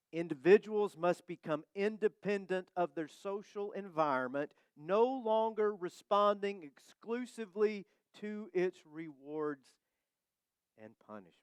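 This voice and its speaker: A male pastor preaching a sermon in a church, conversational and humorous, slowing down to stress key phrases. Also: high voice, smooth, no room sound. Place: church sanctuary.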